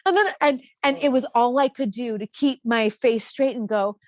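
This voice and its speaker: Animated high-voiced woman telling stories. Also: moderate pace, dry recording, rough recording. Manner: animated storyteller, laughs often, swears freely. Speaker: podcast co-host. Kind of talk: casual podcast chat.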